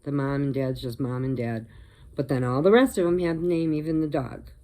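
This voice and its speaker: An older woman from Illinois chats and rambles on her crochet vlog, laughing often. She has a bass voice with a warm tone and talks fairly quickly.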